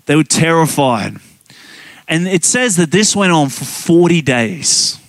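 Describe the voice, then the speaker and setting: A man preaches with a high, bright-sounding voice, animated and emphatic as he tells a story. He laughs often and presses his points hard. The sound is dry and close, with no room around it. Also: a little slow, no echo. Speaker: guest pastor. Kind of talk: sermon.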